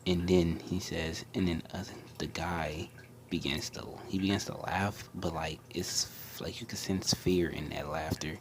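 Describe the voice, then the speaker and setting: Young man, very low voice, hushed rambling fan storyteller, faint background hiss. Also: fairly even intonation, unhurried. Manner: hushed, often half-whispered, rambling with many restarts and fillers. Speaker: anime storyteller. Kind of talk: casual fan-story retelling.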